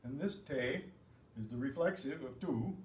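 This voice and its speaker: A man's voice: mid-range voice, expressive, normal speed, a little mellow, far from the mic. Man teaching grammar in an echoey room. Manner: patient, explains step by step, clears throat often. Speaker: Spanish teacher. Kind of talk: classroom grammar lesson. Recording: echoey room with faint background hum.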